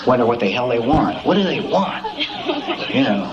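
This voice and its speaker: A man's voice: medium pitch, very animated, normal speed, highs cut off, heavy background noise. A man giving a folksy, emphatic storytelling talk at a recovery meeting, peppering it with "man" and "you know".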